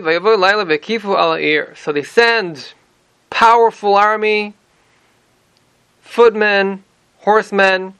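A man teaching a Torah class, explaining lively with many rhetorical questions and Hebrew terms. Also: high-pitched, slow, pauses often, smooth, dry recording. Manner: animated explaining, frequent rhetorical "right?"; mixes in Hebrew terms and verse readings.

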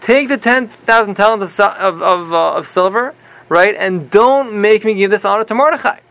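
A man's voice: high voice, normal speed, vocal fry, fairly bright tone. A man doing a desperate, stammering minister. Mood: desperate pleading. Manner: stuttering, pleading.

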